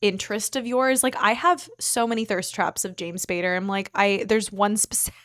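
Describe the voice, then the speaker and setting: A woman hosting a podcast in casual chat with a friend in an apartment, animated in bursts and then trailing off softly. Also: medium pitch, moderate pace, no room sound, studio quality. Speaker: podcast host.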